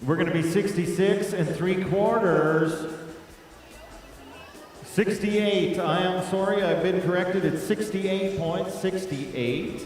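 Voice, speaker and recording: A man's voice: high voice, takes it slowly, darkish tone, recorded from a distance, faint music behind. A man announcing a live rodeo, calling riders and scores in a folksy, upbeat way. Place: indoor rodeo arena. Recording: echoey arena PA heard from afar.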